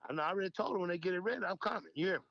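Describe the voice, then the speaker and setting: A man's voice: sits high, very fast, creaky, no room sound, muffled recording. An older man telling club stories in an interview, acting out dialogue and laughing often. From Memphis, United States. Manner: animated storyteller, acts out quoted dialogue, laughs often. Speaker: interview guest, veteran club DJ. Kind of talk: storytelling in casual interview.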